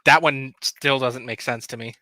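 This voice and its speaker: A man's voice: medium pitch, steady tone, normal speed, pushed and bright, no echo. A man co-hosting a casual streamed chat show, playful and fond of putting on silly accents. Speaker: podcast co-host.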